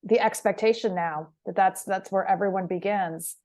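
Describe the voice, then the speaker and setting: A woman hosting an interview podcast, affirming her guest and asking quick follow-up questions. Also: mid-range voice, fairly even intonation, darkish tone. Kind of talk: conversational interview.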